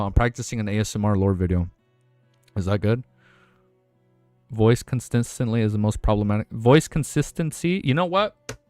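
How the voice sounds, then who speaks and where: Excitable young male streamer, dry sound. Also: mid-range voice, no echo. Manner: excitable, swears casually, thinks out loud. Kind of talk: casual live stream chat.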